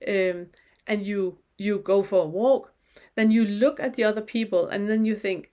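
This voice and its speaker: A woman teaching a spiritual lesson, speaking slowly and gently in questions, often pausing to let listeners feel into an experience. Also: medium pitch. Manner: slow, gentle questioning with pauses.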